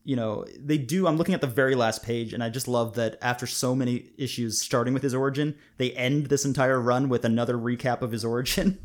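An enthusiastic man co-hosts a podcast in a loose, chatty way. He speaks at an everyday middle pitch and laughs easily between his thoughts. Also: fairly even intonation, a little fast. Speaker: podcast co-host. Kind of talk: casual chat.

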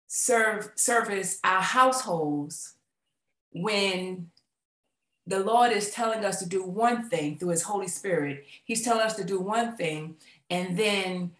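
A woman hosting a faith podcast, asking questions in a halting way with many pauses and fillers. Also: medium pitch, fairly bright tone, echoey room. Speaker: podcast host. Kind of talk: casual faith podcast talk.

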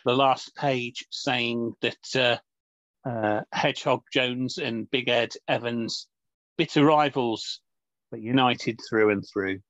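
A man's voice: medium pitch, slow, a bit bright, no echo. A man in casual chat, thoughtful and hesitant, with many fillers. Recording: dull, dry lo-fi audio.

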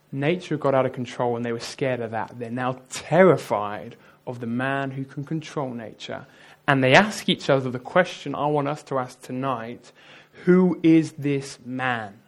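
A man preaching a sermon, retelling a story vividly and talking straight to his audience. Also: medium pitch. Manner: lively storytelling, addresses the audience directly.

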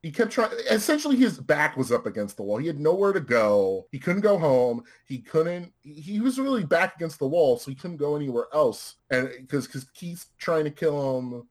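A man's voice: on the high side, normal speed, hardly any pauses. Casual man retelling a film. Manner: animated, profane storytelling with frequent restarts. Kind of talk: casual chat recapping a film.

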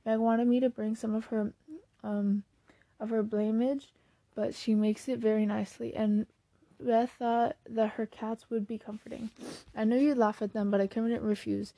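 A woman voicing a bold, lively teenage girl who talks in a brisk, cheerful way. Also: on the high side, dry recording, natural voice.

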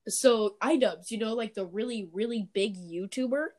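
A man's voice: sits high, moderate pace, a little mellow. A man hosting a casual podcast chat, rambling and hesitant with many fillers, a bit stuffy-nosed. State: stuffy nose. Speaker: podcast host.

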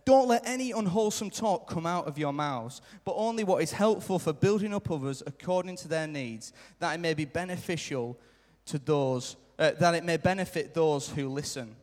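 A man's voice: a little high, animated, normal speed, hardly any pauses, a little mellow. Earnest male preacher in a reverberant church. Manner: earnest, repetitive emphasis, acts out quoted lines. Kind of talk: sermon. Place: church hall. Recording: live church hall reverb.

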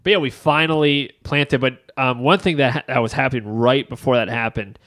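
A man's voice: mid-range voice, a little fast, a bit bright, dry recording, clean studio sound. A man co-hosting a casual podcast chat, a pastor who trades teasing asides and laughs. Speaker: co-host, church planter pastor.

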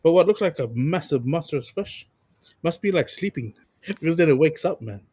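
A man with a New Zealand accent, co-hosting a podcast and telling funny stories in a relaxed, slangy way. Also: a little high, normal speed, slightly rough, dry recording. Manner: laid-back storytelling with slang and chuckles. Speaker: podcast co-host. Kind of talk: casual chat.

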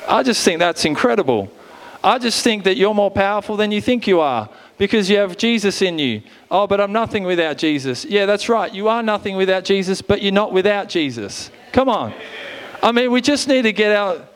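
A man in his thirties preaches with a fairly high voice. His tone stays smooth and clear, and he drives his sermon with bursts of energy and repeated rallying calls. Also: animated, moderate pace. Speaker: pastor. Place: church stage.

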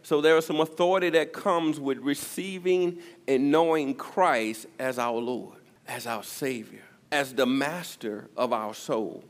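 A male pastor preaching a sermon, his delivery swinging from loud emphasis to near-whispers. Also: mid-range voice, a little slow, hardly any pauses. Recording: long reverb of a church hall.

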